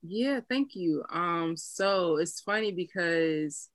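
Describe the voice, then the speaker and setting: A young woman chatting casually as a guest, relaxed and talkative, acting out quotes in a raised voice. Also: lowish voice, slow pace, no echo. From US East Coast. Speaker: brand founder and guest. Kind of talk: casual interview chat.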